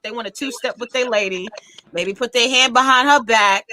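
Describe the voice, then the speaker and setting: A woman's voice: a little high, moderate pace. A woman co-hosting a casual chat show, telling family stories and acting out her relatives' voices. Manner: animated storyteller, acts out relatives' voices. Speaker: co-host.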